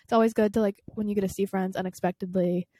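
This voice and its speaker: A woman's voice: mid-range voice, fairly even intonation, fast, mellow, a little hiss or hum. A woman in her twenties co-hosting a podcast, chatting casually with lots of "like" fillers. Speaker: podcast co-host. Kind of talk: casual chat.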